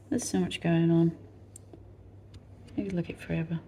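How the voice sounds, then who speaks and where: A woman's voice: lowish voice, fairly even intonation, normal speed, slight background noise, poor audio. A woman in casual vlog chat, rambling as she gives a tour of her home. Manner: chatty and rambling, soft asides to herself. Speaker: artist vlogger.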